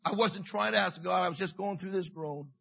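A middle-aged man preaching a sermon with passion, dropping to a hush and rising again, repeating his phrases. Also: high voice, brisk, creaky, slightly rough, dull audio. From Canada. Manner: passionate, swings from hushed to loud, repeats phrases. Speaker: pastor.

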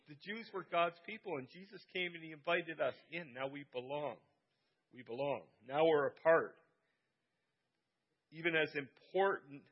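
A man's voice: fairly high pitch, lo-fi sound. A man preaching a Sunday sermon as pastor, speaking earnestly and repeating key phrases for emphasis. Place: church service.

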